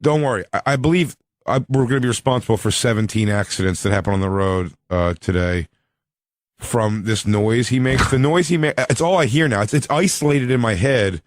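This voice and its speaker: A man hosts a radio talk show in loose, joking banter. He laughs often and acts out sounds and quotes as he tells the story. His voice sits at a middle pitch, recorded dry and close. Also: a little fast, dry recording. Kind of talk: casual comedic banter.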